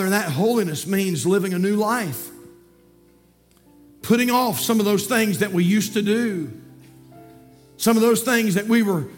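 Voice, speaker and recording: A man preaching a sermon as pastor in a church, swinging between hushed passages and shouted climaxes. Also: on the high side. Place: church sanctuary.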